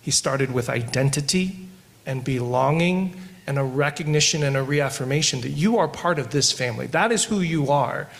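A man co-hosting a podcast who tells stories while teaching scripture, moving between quick asides and slow, emphatic lines. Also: mid-range voice, creaky. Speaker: podcast co-host discussing scripture. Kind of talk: conversational Bible teaching with storytelling.

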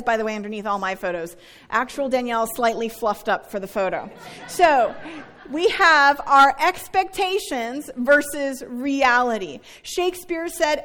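A woman's voice: sits high, a bit bright, long reverb tail. A middle-aged woman pastor preaching a sermon in a chatty, self-deprecating way, often tossing in "right?" to her listeners. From Northern California.

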